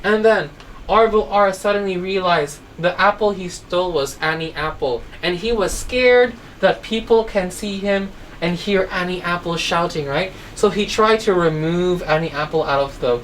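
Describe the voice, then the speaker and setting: Her voice lowish and her pace moderate, a woman teaches phonics online to children through a simple story. She keeps asking whether they're keeping up, and the audio comes from a distant mic with faint background noise.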